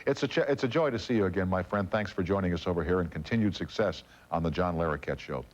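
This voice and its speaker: A man hosting a late-night talk show, taking calls and chatting with his guest in a gracious, brisk way. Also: low voice. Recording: dull broadcast audio.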